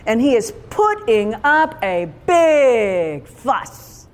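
A woman's voice: on the high side, big pitch swings, extremely slow. A woman preaching a sermon in a conversational, emphatic way, full of rhetorical questions.

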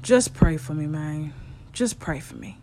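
A woman's voice: low-pitched, expressive, a little slow, mellow, voice pushed down. A woman voicing an agitated young man in a hospital bed, talking shaken and defensive. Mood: weary.

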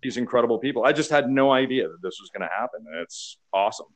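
A man from Canada recounting stories in an easygoing chat. His voice sits at a middle pitch, and he is animated, often laughing as he acts out what others said. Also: quick pace. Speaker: beverage marketer. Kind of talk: casual storytelling chat.

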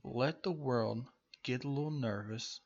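A man's voice: medium pitch, measured pace, breathy edge. A man giving an angry political rant, profane and mocking, firing off rhetorical questions. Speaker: political commentator. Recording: muffled lo-fi recording.

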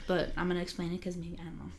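A young woman with a fairly low voice reads a news article aloud in a relaxed, chatty way. She breaks off now and then for jokey asides and giggles. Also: very fast, slight background noise. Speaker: podcast co-host reading an article aloud. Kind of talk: casual chat reading a news story.

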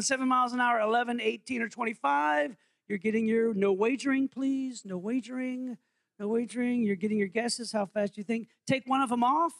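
A man's voice: very high voice, gravelly, a bit bright, dry recording. A man preaching as interim pastor, in a playful, jokey way, quizzing his congregation during an interactive holiday sermon.

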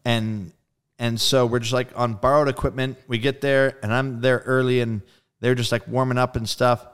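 A man being interviewed as a guest musician, telling a story in a casual, animated way, acting out quoted dialogue and swearing freely. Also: mid-range voice, normal speed, clean tone.

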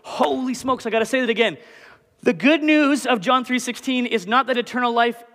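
A man's voice: very high voice, a little fast. Young man preaching in a reverberant hall. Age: 20s. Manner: animated, conversational, self-deprecating. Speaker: pastor. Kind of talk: sermon. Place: church hall.

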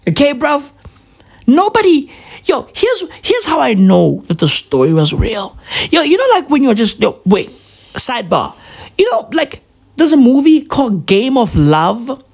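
A woman's voice: sits high, very animated, unhurried, a little mellow, slightly rough. A tired woman doing a profane, rambling comedic rant that keeps drifting off on tangents.

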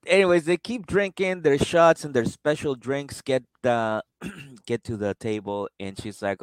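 A man's voice: medium pitch, lively intonation, slow, clear, resonant tone, no echo. A man co-hosting a podcast, laughing often as he retells reality-show scenes in casual banter. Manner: giggly, retells scenes with quoted voices. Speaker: podcast co-host.

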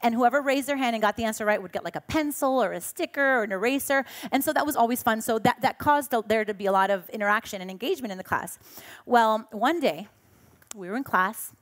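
Woman pastor, a bit high-pitched, animated and self-mocking, sermon with stories. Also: fast talker. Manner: animated, acts out voices in her story, laughs at herself. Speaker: preacher. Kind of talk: sermon with personal storytelling.

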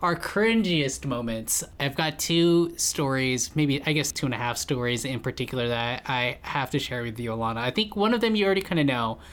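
A woman with an extremely low voice co-hosts a podcast. She chats in a relaxed way. She reacts and laughs along with her partner. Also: fairly quick, hardly any pauses. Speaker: podcast co-host. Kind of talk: casual chat.

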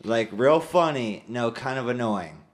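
A man's voice: medium pitch, lively intonation, measured pace. Slangy, joking man on a podcast. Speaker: podcast co-host. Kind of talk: casual chat.

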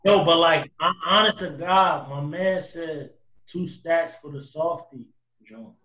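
A man hosts a casual chat with friends. He jokes loosely, getting loud and then trailing off. His voice sits a little high and rings in an echoey room. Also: unhurried. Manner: loose, joking, swings loud and soft. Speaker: podcast host.

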